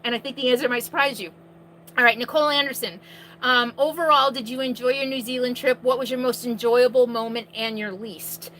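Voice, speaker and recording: Bright, high-voiced woman hosting a live chat. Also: fairly even intonation, a little fast, a little hiss or hum, low-quality recording. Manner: projects her voice loudly, chatty, with restarts. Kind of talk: casual live-stream chat. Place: inside her RV.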